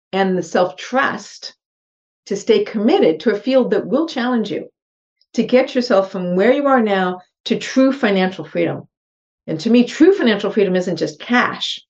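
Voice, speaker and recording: A woman's voice: medium pitch, darkish tone. A middle-aged woman with a mid-range voice tells her story earnestly as a podcast guest. She talks with animation and acts out her own thoughts in quotes. The audio is a little dull and muffled. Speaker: podcast guest, real estate investor. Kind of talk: personal storytelling in an interview.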